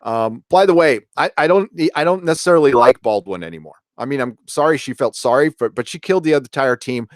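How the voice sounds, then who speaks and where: Relaxed, rambling man on a dry mic. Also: mid-range voice, a little fast, hardly any pauses, dry recording. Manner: rambling and relaxed, many fillers and restarts. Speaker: live show host reviewing a TV episode. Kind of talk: casual live-stream chat, reading viewer comments.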